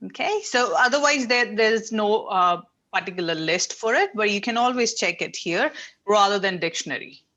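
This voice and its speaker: A woman teaches an English class over a video call. She is patient and explains things step by step. Her talk is full of small fillers, and her pitch sits in the middle range. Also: lively intonation, moderate pace, bright, forceful tone. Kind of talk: online class instruction.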